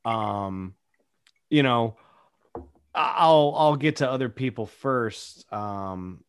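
A man's voice: mid-range voice, takes it slowly, clear, resonant tone, dry recording, studio quality. A young man in casual chat as a podcast co-host, telling stories animatedly and acting out quotes. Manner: animated storyteller, acts out quotes.

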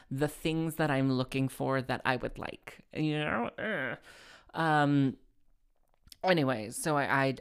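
A woman's voice: rumbling low, smooth. A woman rambling casually to her listeners, full of fillers, restarts and wry asides. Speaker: podcast host and singer.

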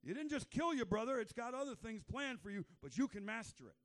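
A man's voice: very high voice, sing-song, a little fast, voice pushed up. A man voicing God, giving an urgent fatherly warning in a sermon. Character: God, stern watchful fatherly divine male voice.

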